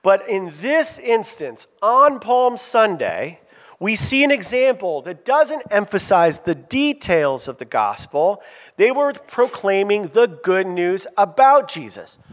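A man preaching a sermon as pastor, animated, drawing call-out answers from the congregation. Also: high-pitched. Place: church sanctuary. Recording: long reverb of a church hall.

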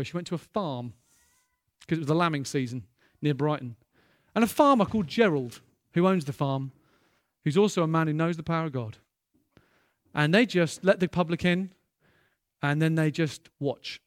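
A man preaching a sermon, telling stories in a lively way that jumps into loud, excited bursts. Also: fairly high pitch, moderate pace, long pauses, no room sound, studio quality.

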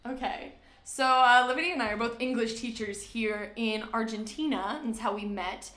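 A young American woman hosting a podcast, chatting casually and teasing her guest with quick banter. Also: a little high, a bit bright, echoey room. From United States. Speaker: podcast host. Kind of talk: casual chat.

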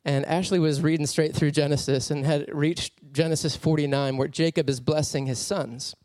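A man preaching a sermon as a personal story, animated and laughing often as he tells it. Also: a little high, normal speed, no room sound, studio quality.

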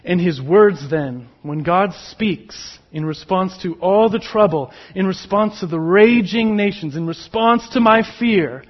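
A man preaching a sermon, slow and emphatic, with sudden drops to a near whisper on key words. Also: high-pitched, lo-fi sound. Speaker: pastor.

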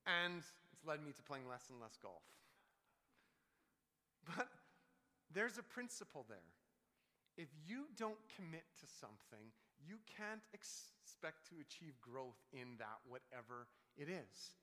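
A man's voice: fairly high pitch, very animated, measured pace, sharp tone. A man preaching a sermon as pastor, earnest and repeating words when emphatic. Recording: long hall reverb.

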